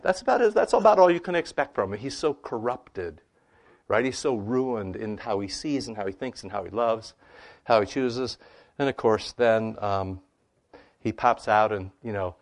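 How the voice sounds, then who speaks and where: With a mid-range voice, a man fields questions about scripture in a conversational, teaching manner. He's animated and peppers his answers with "you know" and "right?"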